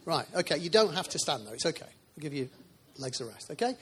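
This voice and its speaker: A man's voice: on the high side, sing-song, quick pace, creaky, fairly bright tone. A man preaching a sermon in a church, chatty and informal, with asides to the congregation.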